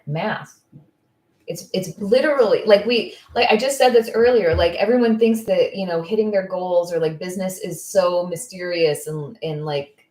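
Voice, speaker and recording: A woman coaching estheticians on business in casual live-stream talk, blunt, candid and quick to get fired up. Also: fairly low pitch, a little mellow, reverberant. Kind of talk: casual live-stream advice, answering viewer comments.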